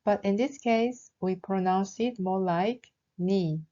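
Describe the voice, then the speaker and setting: Woman language teacher, careful scripted voice-over, soft dark tone, lo-fi sound. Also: mid-range voice, fairly even intonation. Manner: slow, careful explaining with example words. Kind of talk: scripted lesson narration.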